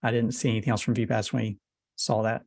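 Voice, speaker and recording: A man leading a technical meeting over a video call, talking casually in a self-described monotone. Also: on the low side, fast, creaky, no room sound, studio quality. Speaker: meeting lead.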